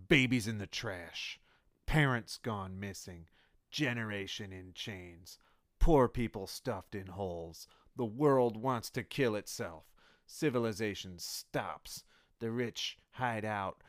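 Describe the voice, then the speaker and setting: A man reading his old journal entries aloud in a rambling, deadpan way, adding absurd asides. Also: on the low side, dry recording, clean studio sound. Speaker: comedian and podcast host.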